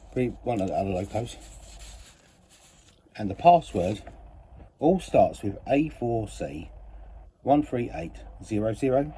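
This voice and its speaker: A man's voice: mid-range voice, mellow, a little hiss or hum. A man telling a rambling, chatty story about his week and his model railway, often correcting himself mid-sentence. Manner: chatty, meandering, self-correcting. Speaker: model railway hobbyist vlogger.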